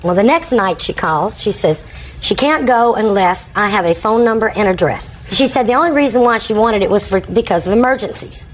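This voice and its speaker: A woman's voice: mid-range voice, animated, fairly quick, a little hiss or hum, low-quality recording. An older woman, a grandmother, giving long courtroom testimony as a litigant and rambling through her account while acting out what others said.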